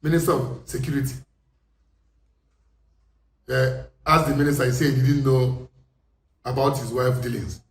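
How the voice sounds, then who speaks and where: A man with a Nigerian accent delivering an impassioned political monologue, forceful and full of rhetorical questions. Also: mid-range voice, fairly even intonation, moderate pace, vocal fry, pauses often. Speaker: commentator. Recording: echoey room, distant mic, faint noise.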